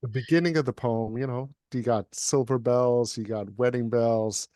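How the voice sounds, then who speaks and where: A man's voice: medium pitch, steady tone, moderate pace, warm tone, dry recording. A man and poet giving an emphatic, rhythmic poetry reading over a video call, then chatting about the poem. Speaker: poet reading at a livestream event. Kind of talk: dramatic poetry recitation, then casual chat.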